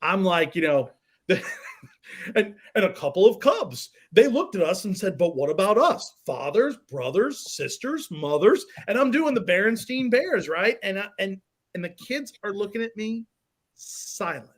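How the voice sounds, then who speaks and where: A man's voice: high-pitched, expressive, normal speed. A man guest on a podcast, animatedly telling a funny story with a laugh in his voice. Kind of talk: casual storytelling.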